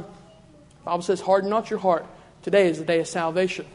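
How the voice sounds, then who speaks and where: A preacher man delivers a revival-style sermon in a church, his fervent cadence circling back on the same phrases. His voice sits high for a man. The sound carries a long reverb from the hall. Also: fairly even intonation, fast talker, darkish tone.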